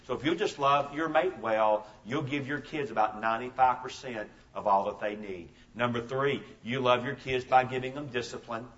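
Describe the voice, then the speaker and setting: A man's voice: medium pitch, normal speed, hardly any pauses, fairly bright tone, recorded from a distance. A man in his fifties preaching a sermon as a pastor, telling stories emphatically and repeating his key phrases. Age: 50s. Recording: dull lo-fi sermon recording.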